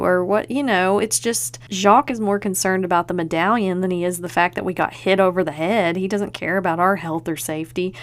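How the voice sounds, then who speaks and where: A woman's voice: mid-range voice, steady tone, brisk, few pauses. A woman hosting a podcast, chatting casually and enthusiastically and leaning on fillers like "like". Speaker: podcast host.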